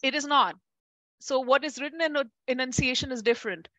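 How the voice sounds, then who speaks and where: A woman teaching a class, chatty and lively, calling on students by name and laughing easily. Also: high-pitched, fairly quick, no room sound. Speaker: Ayurveda teacher. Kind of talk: classroom lecture with questions to students.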